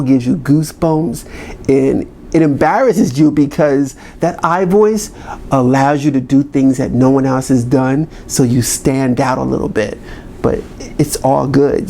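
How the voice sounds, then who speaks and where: A man's voice: medium pitch, gravelly, warm tone, slight background noise. A man giving a motivational talk to camera, emphatic and repetitive in a pep-talk manner. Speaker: motivational speaker.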